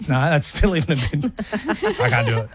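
A man's voice: fairly high pitch, big pitch swings, a little fast, breathy edge, no echo. A man hosting a radio show in casual, joking banter. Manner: joking, self-mocking. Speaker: radio host.

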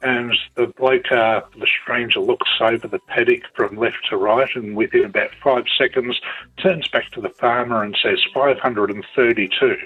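Australian man, husky, over a tinny phone. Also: medium pitch, steady tone. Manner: rambling, halting with many fillers. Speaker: caller. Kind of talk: telling a joke on air.

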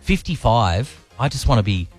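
A man's voice: mid-range voice, very animated, normal speed. Jokey man hosting breakfast radio. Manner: jokey, self-mocking. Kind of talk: casual radio banter. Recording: radio studio with faint music bed.

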